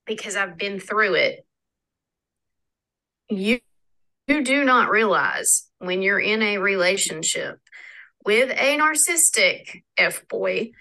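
A woman's voice: mid-range voice, lively intonation, slow, creaky, long pauses, bright, forceful tone, rough recording. A woman with a Southern US accent, leaving a recorded voice message for a podcast about her own experience, earnest and personal. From North Carolina. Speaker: listener sending in a voice message.

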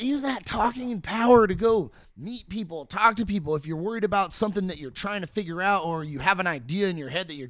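A man's voice: high-pitched, no room sound, studio quality. A man in casual chat, telling stories animatedly with many fillers.

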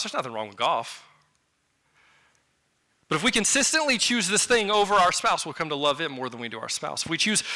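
A man preaches a sermon in a high, bright voice that swings up and down all the time. He talks to his listeners in a relaxed, chatty way and breaks off for quick asides.

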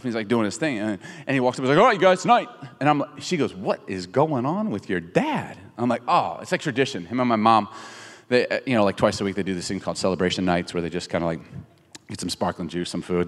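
A middle-aged man preaching a sermon in a large theater, telling jokes and acting out quotes with lots of energy. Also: on the low side. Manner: animated storytelling with jokes and acted-out quotes. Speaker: pastor. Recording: long reverb of a big theater hall.

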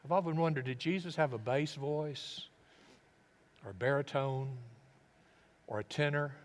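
A man preaching a sermon as a pastor, reflective and earnest, often dropping his voice low. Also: a little slow. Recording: long reverb of a large hall.

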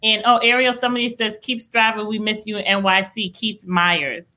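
With a bright, forceful, steady tone in a mid-range voice, a young woman hosts her podcast at normal speed. She chats eagerly about faith and business in a casual live-stream format. Enthusiastic and faith-filled, she rambles and keeps restarting.

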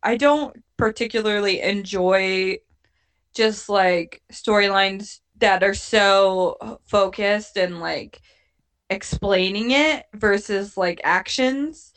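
A woman's voice: medium pitch, takes it slowly, fairly bright tone, clear, resonant tone. A young woman co-hosting a podcast in casual chat, talking in loose, filler-filled sentences and laughing often. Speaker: podcast co-host recapping a TV show.

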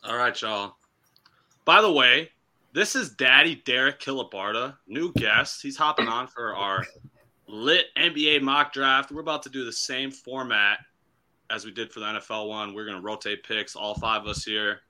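A man hosts a casual sports podcast with energy, teasing his friends as he sets up each pick. His voice is very bright and edgy at a middle pitch. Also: moderate pace. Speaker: podcast host.

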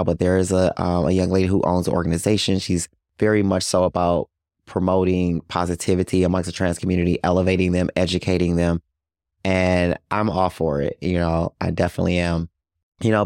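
Deep-voiced man talking earnestly. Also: a little mellow, dry recording, clean studio sound. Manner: earnest, frequent "you know" fillers. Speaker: guest, HIV outreach worker. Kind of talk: casual interview talk.

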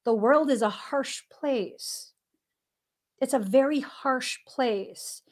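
A woman hosting a spiritual podcast, talking earnestly and candidly with thoughtful pauses. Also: sits high. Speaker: podcast host. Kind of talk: reflective spiritual podcast talk.

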